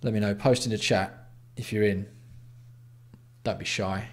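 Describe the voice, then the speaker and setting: A man's voice: lowish voice, steady tone, unhurried. A man from England hosting a casual livestream, greeting viewers by name with blunt, sweary banter. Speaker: livestream host.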